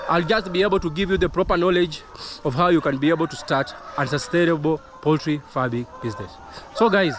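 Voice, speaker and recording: A man's voice: on the high side, background noise. A man from Kenya, a poultry farming consultant, giving earnest, repetitive advice in a vlog to camera, with chickens clucking behind.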